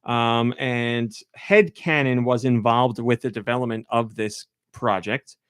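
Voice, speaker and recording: A man's voice: mid-range voice, steady tone, measured pace, a bit bright, smooth, no room sound, studio quality. A man hosting a podcast in casual, rambling chat, often breaking into laughter. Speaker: podcast host.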